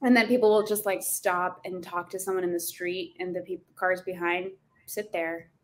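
A woman's voice: fairly low pitch, steady tone, normal speed. A young woman chatting casually on a podcast, telling travel stories and laughing often. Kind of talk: casual chat.

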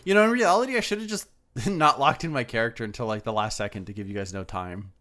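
A man's voice: medium pitch, fast talker, sharp tone. This is a man co-hosting a casual gaming chat show, with a voice in the middle of the range. He talks loosely and hesitantly, circling back and restarting as he thinks aloud. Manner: hesitant, lots of restarts and fillers. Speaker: podcast co-host.

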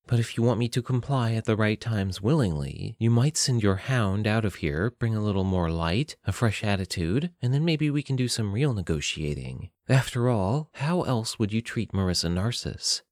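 A cold, deadpan captive young woman, read by a man. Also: fairly low pitch, moderate pace, hardly any pauses, dry recording, clean studio sound, lightly acted. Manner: flat, emotionless delivery.

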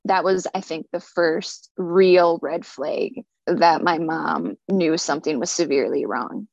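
A woman telling her own story in an earnest, halting way, sometimes repeating words. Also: deep voice, gravelly, a little mellow, no room sound. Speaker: speaker sharing a personal story. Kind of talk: personal testimony. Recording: dull lo-fi recording.

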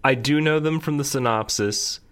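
A man's voice: mid-range voice, normal speed, fairly bright tone. A man in casual chat about video games, joking and teasing his co-host.

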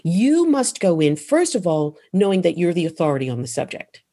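A woman's voice: on the low side, big pitch swings, brisk, mellow. A woman who is a voice coach and author, answering interview questions in an emphatic, instructive way and landing her phrases firmly.

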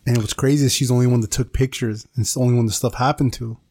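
A man's voice: mid-range voice, fairly even intonation, rapid-fire, mellow, no room sound. A man spins a long story in loose, rambling chat and drops "dude" into nearly every sentence. His voice sits in a middle register. The recording is dry and close, with no room sound. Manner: rambling, says "dude" a lot. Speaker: podcast co-host telling a story.

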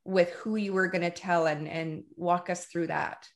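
Slow, low-voiced woman interviewer. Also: fairly even intonation. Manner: gentle, unhurried questions with fillers. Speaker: interviewer, podcast host. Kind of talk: conversational interview.

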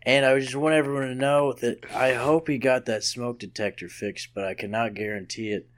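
Deadpan joking podcast co-host, man. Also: mid-range voice, a little fast. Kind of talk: casual comedic chat. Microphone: remote video call.

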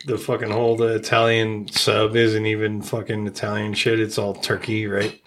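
A man's voice: on the low side, monotone, moderate pace, a bit bright, slight background noise. A man co-hosting a casual podcast, telling a rambling story full of swearing. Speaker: podcast co-host.

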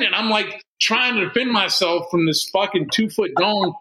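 A man telling a crude story on a podcast, swearing constantly and jumping into loud quoted voices. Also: sits high, moderate pace, hardly any pauses, slight background noise. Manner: profane, animated, swings into loud quoted voices. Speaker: podcast co-host. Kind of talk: casual storytelling. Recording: roomy echo.

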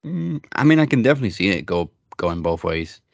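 Low-voiced, laid-back man, dry sound. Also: big pitch swings, fairly quick, creaky, dry recording, dull audio. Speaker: podcast co-host. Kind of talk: casual wrestling chat.

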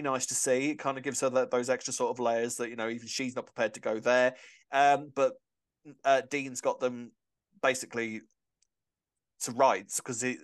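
Guy chatting on a soap podcast, keen and rambly, restarts a lot, middling voice. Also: medium pitch. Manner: chatty, enthusiastic, restarts often. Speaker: podcast co-host. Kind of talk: casual chat about a soap opera.

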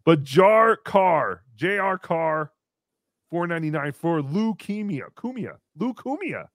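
Here the man plays a giggly, crude little green puppet hosting a comedy stream, reading donations aloud and talking about himself in the third person. His cheeky voice is a little high and a bit bright, expressive but slow, in studio quality with no echo.

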